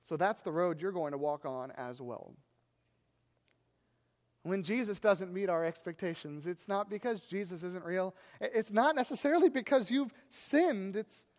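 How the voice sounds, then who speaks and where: Very high-voiced male preacher, reverberant hall. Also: moderate pace. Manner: animated preaching with rhetorical questions. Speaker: pastor. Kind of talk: sermon.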